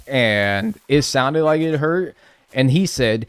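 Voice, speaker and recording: Lively, rambling male game streamer. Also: medium pitch, takes it slowly, faint music behind. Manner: rambling, animated and joking. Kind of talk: casual live-stream gaming chat.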